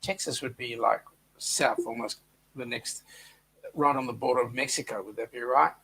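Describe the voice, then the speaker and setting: A man's voice: medium pitch, fairly even intonation, moderate pace, creaky, fairly bright tone, slight background noise. A man co-hosting a casual live chat show, reading viewer comments aloud and trading jokes.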